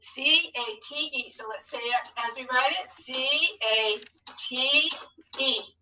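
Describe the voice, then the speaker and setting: A woman teaching a phonics lesson on video, breaking words into syllables slowly and encouraging the class. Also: high-pitched, pushed and bright, distant mic, poor audio. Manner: slow, encouraging, modelling each syllable.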